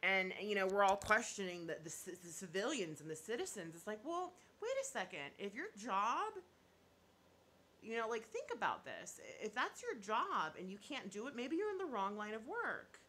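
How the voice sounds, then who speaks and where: A woman chatting live with her viewers, her pitch swinging widely and her tone bright and forceful. She speaks bluntly and opinionated, laughs often, and apologizes half-jokingly when she thinks she's gone too far. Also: big pitch swings, moderate pace, a little hiss or hum. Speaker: YouTuber. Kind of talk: casual live chat reading viewer comments.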